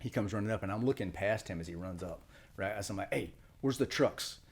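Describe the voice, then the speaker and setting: A middle-aged man, a retired Marine, telling war stories quickly in an interview, acting out quotes. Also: deep voice. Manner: fast, animated war storytelling with acted quotes. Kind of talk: storytelling interview.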